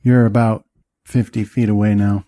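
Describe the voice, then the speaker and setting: A man narrating as game master, describing scenes with many pauses and fillers. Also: fairly low pitch, little pitch movement, warm tone, dry recording.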